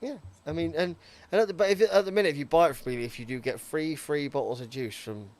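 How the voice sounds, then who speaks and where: A man hosting a casual live-stream panel. He rambles along in an easygoing, unhurried way, filling pauses with ums and restarts. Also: a little high. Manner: laid-back, rambling, frequent ums. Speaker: panel show host.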